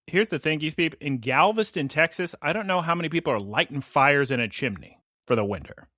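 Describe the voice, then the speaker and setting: A man hosting a casual podcast chat, his voice swinging lively up and down as he jokes through a story. The tone is bright and a little high for a man. The sound is close and dry. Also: brisk, no echo. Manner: animated, jokey storytelling with playful asides. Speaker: podcast host.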